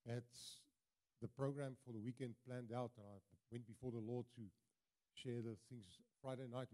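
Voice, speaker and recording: An older man with a South African accent and Afrikaans roots delivers a sermon as a visiting preacher. His voice is mellow and warm, at an ordinary pitch. He speaks earnestly, doubling back on words for emphasis. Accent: South African English. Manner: earnest, emphatic with frequent repetitions. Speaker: guest preacher. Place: church.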